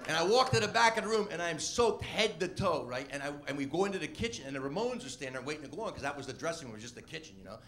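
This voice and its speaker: Guy comic rambling thru an old story, quick and animated, voice a bit high. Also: a little hiss or hum. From Washington D.C. area. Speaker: comedian. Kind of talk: storytelling interview.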